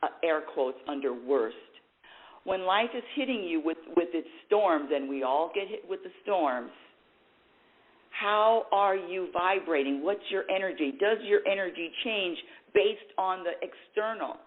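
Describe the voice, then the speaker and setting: A woman's voice: fairly low pitch, expressive, measured pace. A woman hosting a spiritual talk show, speaking in a rambling, self-correcting way and laughing at herself. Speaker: radio show host. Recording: tinny phone-like sound.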